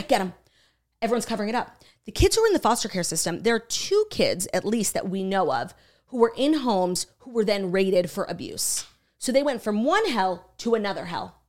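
A woman co-hosting a podcast, chatting casually as she retells a true crime documentary, swearing freely and acting out what people said. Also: medium pitch. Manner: animated, swearing, acts out quotes. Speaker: podcast co-host.

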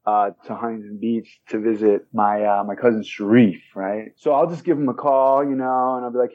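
A man's voice: medium pitch, steady tone, normal speed, few pauses, phone-quality sound. A man in his forties, a comedian telling stories in casual chat, rambling with lots of fillers. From United States. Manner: rambling, many "you know" and "man". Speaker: comedian guest.

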